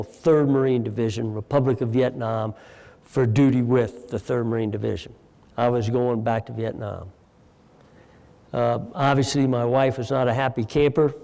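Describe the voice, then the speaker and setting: An older man in his sixties speaks in a gravelly, dark tone, telling stories slowly and with feeling. His voice carries into a big lecture hall with long reverb. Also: mid-range voice. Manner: measured, heartfelt storytelling with pauses. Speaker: retired general giving a guest talk. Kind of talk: storytelling lecture to an audience.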